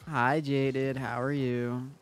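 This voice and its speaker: A young man live-streaming a game, his voice sitting at an ordinary middle pitch. He talks loosely and jokingly to his chat, teasing viewers and tossing off quick asides while he plays. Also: flat delivery, a little hiss or hum.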